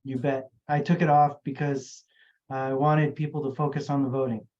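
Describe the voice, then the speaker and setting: A man's voice: mid-range voice, level tone, moderate pace, a little mellow, muffled recording. A man casually announcing a contest vote, helpful and informal with lots of fillers. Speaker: calendar contest organizer.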